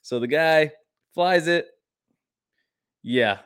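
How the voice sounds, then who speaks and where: A man's voice: fairly high pitch, extremely slow, a bit bright, smooth. A young man co-hosting a podcast in casual banter, joking, rambling through asides and laughing often. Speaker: podcast co-host. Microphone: desk mic, sharing screen.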